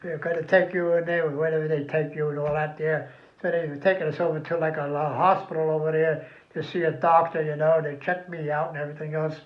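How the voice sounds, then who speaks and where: An older veteran spins long, salty stories for his family, full of swearing. His voice sits fairly high for a man. The lo-fi recording sounds dull and roomy. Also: flat delivery, fast. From New Jersey. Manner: rambling, profane, folksy. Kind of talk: casual reminiscing.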